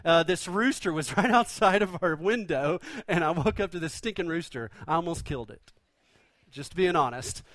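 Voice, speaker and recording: A man's voice: a little high, animated, moderate pace, fairly bright tone, no echo. A male pastor preaching a sermon in a conversational, joking storytelling manner.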